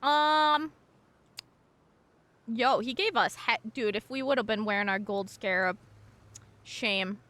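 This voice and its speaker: A woman's voice: a little high, slow, pauses often, bright, forceful tone. A woman streamer chatting casually and playfully, gushing about her dog and swearing now and then. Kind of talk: casual live-stream chat.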